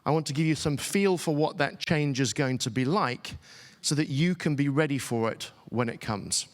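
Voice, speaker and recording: A man's voice: a little high, normal speed. A middle-aged man with a British accent giving a conversational, self-deprecating keynote talk to a conference audience. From England. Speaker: keynote speaker. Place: large conference hall. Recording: hall reverb, heard from a distance.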